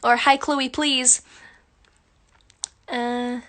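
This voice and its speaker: A woman's voice: high-pitched, fairly even intonation, very slow, sharp tone. A woman chatting casually on a phone livestream at home, self-mocking and answering viewer questions while doing her makeup. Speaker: musical theatre performer.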